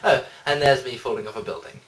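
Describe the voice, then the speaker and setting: A man's voice: medium pitch, fast, recorded from a distance, lightly acted, poor audio. A man voicing a smug, aloof detective in a fan parody, dry and sarcastic. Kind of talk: fan parody audio drama.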